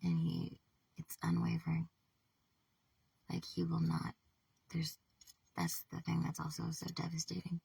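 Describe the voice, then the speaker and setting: Gravelly, husky woman rambling in a vlog. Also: low-pitched, monotone, warm tone, far from the mic. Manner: halting, profane, trails off, drops to whispers. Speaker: vlogger. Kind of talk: rambling personal monologue.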